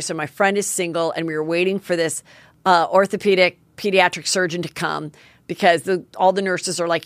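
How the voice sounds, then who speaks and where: A woman's voice: fairly low pitch, brisk, a bit bright, no echo. A middle-aged woman hosting a podcast, telling a story in a candid, chatty, self-mocking way with some swearing. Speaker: podcast host. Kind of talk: casual storytelling monologue.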